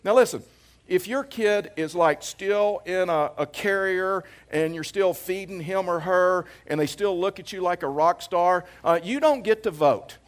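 Pastor with a fairly high, conversational voice. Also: male voice, unhurried, hardly any pauses, clean tone. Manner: conversational, anecdotal preaching with jokes; emphatic, repeats phrases for effect. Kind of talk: sermon.

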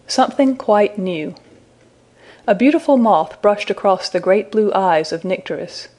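A woman narrating a fairy tale as a scripted audiobook reading, in a measured storytelling manner. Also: medium pitch, expressive, darkish tone.

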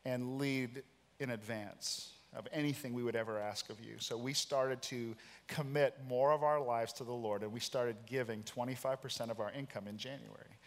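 A pastor in his forties preaching a sermon, telling a personal story with animated, self-deprecating humor. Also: mid-range voice. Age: 40s. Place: large church auditorium. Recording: church hall reverb.

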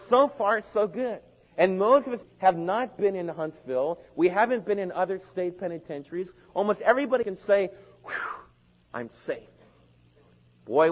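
A man preaching a sermon, animated, acting out quoted voices with sudden loud outbursts. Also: on the high side. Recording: dull lo-fi sound in a reverberant hall.

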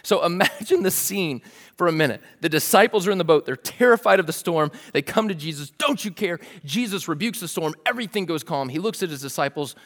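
A man with a somewhat high voice delivers a sermon, retelling the scene in a relaxed, vivid storyteller's way. His voice rings out with a long reverb, as in a large church hall. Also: quick pace. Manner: casual, vivid storytelling with "like" and "dude". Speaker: pastor.

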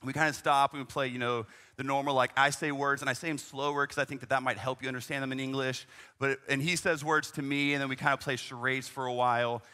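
A man's voice: medium pitch, flat delivery, fast, pushed and bright, clean tone. A young man, a youth ministry leader, telling a travel story in a conversational way, full of "man" and "right?" asides. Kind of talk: storytelling talk.

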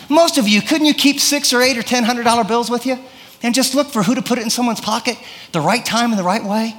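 High-voiced preacher man in a reverberant hall. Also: fast talker, a bit bright. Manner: conversational preaching with acted-out prayers and anecdotes. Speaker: pastor. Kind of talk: sermon.

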